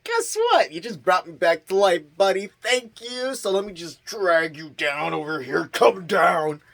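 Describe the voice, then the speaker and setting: A man's voice: high-pitched, sing-song, a little slow, creaky, a bit bright, voice pushed up, exaggerated voice. A man voicing a smug undead male slasher who mocks his victim in a taunting, sing-song way.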